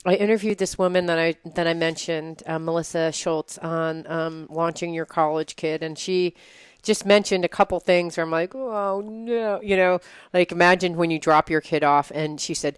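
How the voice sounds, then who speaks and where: A woman in her forties tells a personal story in a casual talk show, with lively acted-out asides. Her voice is low and smooth. It is recorded dry and close. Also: moderate pace, no echo. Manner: animated storytelling, acts out her own inner voice. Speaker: podcast co-host. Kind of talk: casual chat.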